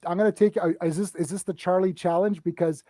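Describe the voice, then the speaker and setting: A man hosting a casual podcast chat, telling stories in an excitable, self-mocking way. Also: sits high, fast, no room sound, studio quality. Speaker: podcast host.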